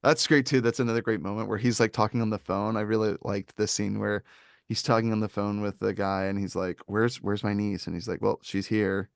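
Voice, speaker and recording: A man with a gravelly, mid-pitched voice chats animatedly about a film, jumping into quick voices to act out scenes. The sound is close and dry. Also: fairly even intonation, no room sound. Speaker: podcast co-host. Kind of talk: casual movie review chat.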